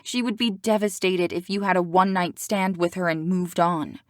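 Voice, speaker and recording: A woman's voice: fairly low pitch, fairly even intonation, normal speed, no echo, clean studio sound, natural voice. A woman voicing a snappish riled-up good girl. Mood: irritated. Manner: snappish, through gritted teeth. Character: sharp, protective teenage good girl. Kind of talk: audiobook character reading.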